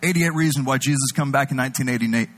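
A man preaching a sermon, animated, swinging between loud emphatic bursts and low intimate delivery. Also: fast, poor audio.

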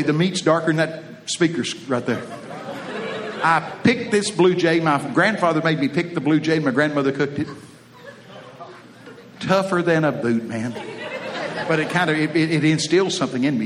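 A middle-aged man with a Texas accent, preaching in a folksy, joking way full of homespun stories. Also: on the high side. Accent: Texan. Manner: folksy, joking, drawling Southern phrasing. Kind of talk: folksy sermon with storytelling.

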